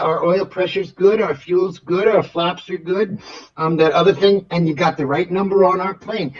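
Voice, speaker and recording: A man's voice: on the high side, lo-fi sound, close to an everyday voice. A man playing a flustered, flamboyant airline pilot who rambles and stammers through repeated words in an improvised comedy bit. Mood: rambling. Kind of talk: improvised comedy role-play over radio chatter.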